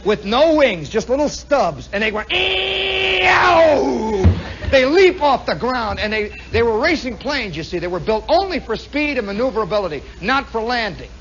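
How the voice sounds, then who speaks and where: A middle-aged man telling a rambling story in a spontaneous radio monologue, animated and bursting into shrieking imitations of racing planes. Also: high-pitched, fairly quick, few pauses, slight background noise. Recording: dull 1960s radio broadcast recording.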